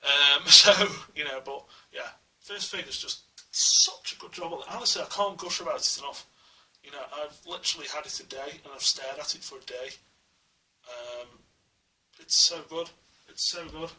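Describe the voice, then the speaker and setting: A man's voice: on the high side, moderate pace, bright, forceful tone. A man at home reviewing a collectible statue in a casual, enthusiastic, rambling way, full of fillers, recorded on a small camera mic. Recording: distant mic with faint hiss.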